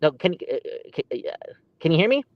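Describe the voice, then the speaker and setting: A man co-hosting a podcast, ranting in an animated, exasperated way. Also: fairly high pitch, fairly quick, dry recording, highs cut off. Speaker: podcast co-host. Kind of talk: heated casual podcast chat.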